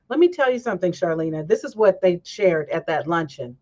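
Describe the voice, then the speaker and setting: A woman's voice: lowish voice, normal speed, few pauses. A woman hosting a casual talk stream, telling stories with energy and acting out the people she quotes. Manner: animated storytelling, acts out quoted voices. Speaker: host. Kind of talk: casual chat. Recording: dull lo-fi stream audio.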